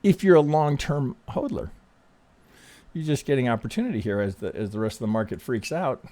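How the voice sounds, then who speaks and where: A man hosting casual chart analysis, speaking in a calm, reassuring way, often restarting sentences and checking in with "right?". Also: mid-range voice, brisk. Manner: conversational, frequent restarts, ends thoughts with "right?". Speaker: trading analyst host.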